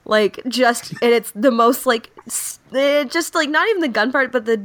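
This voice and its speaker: A woman's voice: high voice, moderate pace, fairly bright tone. A woman chatting casually on a podcast, telling funny stories animatedly with lots of fillers and giggles. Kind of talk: casual chat.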